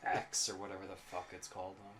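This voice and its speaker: A man's voice: sits low, monotone, quick pace, background noise. An Irish man co-hosting a podcast, talking in a chatty, casual way, swearing freely and laughing often. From Ireland. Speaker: podcast co-host. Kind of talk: casual chat.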